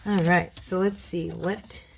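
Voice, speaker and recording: Chatty low-voiced woman with a gravelly edge. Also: measured pace, darkish tone, slight background noise, rough recording. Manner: rambling, chatty, addresses viewers as girls. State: frog in her throat, clearing it. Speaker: craft channel host. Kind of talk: casual crafting chat.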